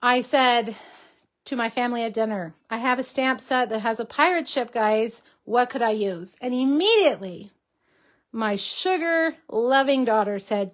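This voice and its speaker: A woman's voice: a little high, animated, normal speed. A woman hosting a casual craft tutorial livestream, chatting with viewers as she works, with a slight cough. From Texas. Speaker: host.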